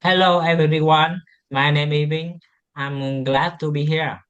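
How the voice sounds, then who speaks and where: A man learner reads his lines haltingly, stumbling with "uh". His voice is fairly high and smooth. The sound is a dull, lo-fi video-call feed. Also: steady tone, a bit bright. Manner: hesitant reading. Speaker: student.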